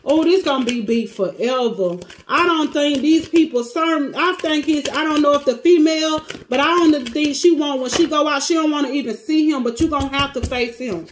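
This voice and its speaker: This tarot reader, a woman with a high voice, talks at a moderate pace with few pauses, exclaiming often and breaking off mid-thought during a casual reading. Distinct clicking runs beneath her voice amid slight background noise.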